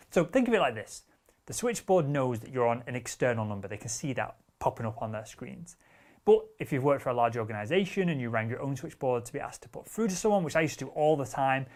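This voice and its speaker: A male sales trainer giving instruction at a medium pitch for a man. His delivery is direct and assertive, and his wording is casual and blunt, with the occasional curse word. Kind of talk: instructional talk.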